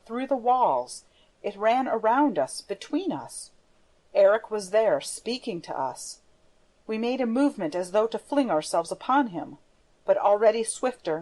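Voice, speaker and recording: Woman, audiobook narrator, measured, scripted storytelling. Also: medium pitch, darkish tone.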